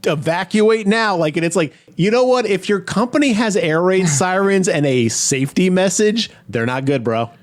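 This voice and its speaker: A man co-hosting a movie podcast in casual chat, animated, acting out scenes in quick impressions. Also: sits high. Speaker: podcast co-host.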